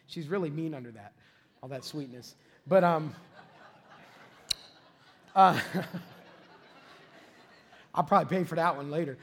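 A middle-aged man, preaching a sermon as pastor, telling a lively, self-deprecating story with frequent laughs and shouted peaks. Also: on the high side, measured pace, long pauses.

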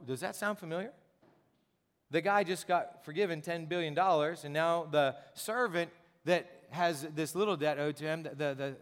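A man's voice: fairly high pitch, clear, resonant tone. A man preaching a sermon as a pastor, talking conversationally with rhetorical questions and repeated words. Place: church sanctuary. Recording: long church reverb.

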